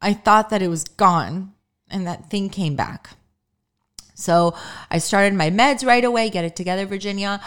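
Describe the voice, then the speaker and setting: A woman's voice: mid-range voice, a little slow. A middle-aged woman hosting her own podcast, talking candidly and emotionally in a chatty way, full of "like" and "um". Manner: emotional, close to tears at times. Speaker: podcast host. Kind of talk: personal podcast monologue.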